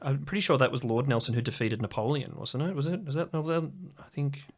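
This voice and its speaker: A man's voice: mid-range voice, steady tone, a little fast. A man, a guest on a podcast, chatting casually and rambling through his thoughts with lots of fillers. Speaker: podcast guest, English teacher. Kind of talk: casual chat.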